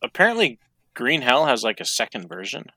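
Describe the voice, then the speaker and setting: A man's voice: medium pitch, sing-song, a little fast, bright, forceful tone, dry recording. A man co-hosting a podcast, chatting casually in a laid-back way, swearing and trailing off with fillers. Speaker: podcast co-host. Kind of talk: casual chat.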